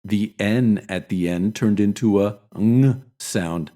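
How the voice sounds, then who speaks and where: A man with a General American accent narrates a scripted pronunciation lesson. His voice sits very low, and he takes his time over every word. He models each sound deliberately, repeating it so learners can follow. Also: warm tone. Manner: deliberate, slowly demonstrates sounds. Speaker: English pronunciation teacher.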